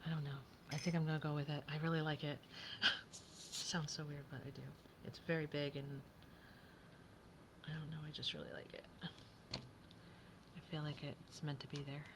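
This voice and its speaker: Low-voiced woman crafting aloud. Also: level tone, normal speed, noisy background. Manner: chatty, thinking aloud, often drops to a whisper. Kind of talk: casual crafting commentary.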